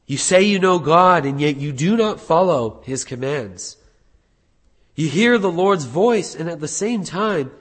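A man delivers an earnest sermon in a church sanctuary, his voice pitched a little high with a husky edge. He builds to emphatic peaks and then sinks to quieter, heavier lines. Long reverb from the hall hangs after every phrase. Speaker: pastor.

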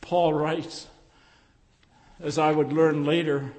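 An older man, a pastor, preaching a sermon in a slow, reflective way, with emphatic rises and hushed drops. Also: high-pitched, big-room sound.

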